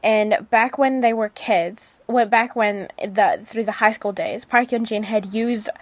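A woman's voice: medium pitch, measured pace, no echo. Chatty New Zealand woman radio host. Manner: chatty, gushing, many fillers and restarts. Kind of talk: casual drama review. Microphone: studio mic.

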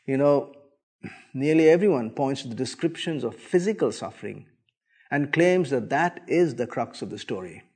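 A man preacher giving a sermon, telling the story dramatically with big swings from soft to loud. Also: mid-range voice, lively intonation, normal speed, husky.

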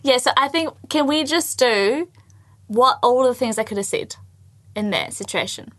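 A woman's voice: high voice, moderate pace, fairly bright tone. A young adult woman co-hosting a podcast, chatting casually and laughing often. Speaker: podcast co-host. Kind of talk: casual chat.

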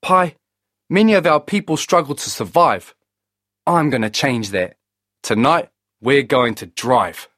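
A man's voice: mid-range voice, expressive, a little slow, fairly bright tone, no room sound, clean studio sound, voice pushed up. A man voicing a bold young male trickster hero in a storybook, earnest and grand.

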